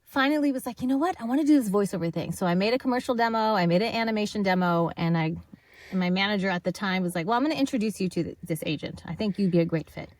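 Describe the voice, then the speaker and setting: A woman guest on a podcast, telling her story in a casual, animated way, acting out the people she quotes and laughing often. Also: medium pitch, quick pace, slight background noise.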